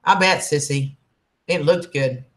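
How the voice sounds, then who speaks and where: A woman's voice: low voice, unhurried. A woman, chatting casually and affectionately with her livestream viewers and calling them honey. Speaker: livestream host.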